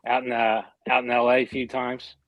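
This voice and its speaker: A man's voice: medium pitch, monotone, brisk, fairly bright tone, dry recording. A man in his forties from the Philadelphia area, talking bluntly and skeptically in casual chat, swearing a lot. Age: 40s.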